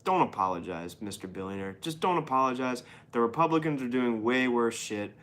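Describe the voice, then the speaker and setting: A man's voice: mid-range voice, animated, fairly quick, fairly bright tone. Profane, sarcastic man reading news. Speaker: podcast host reading the news. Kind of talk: casual news commentary.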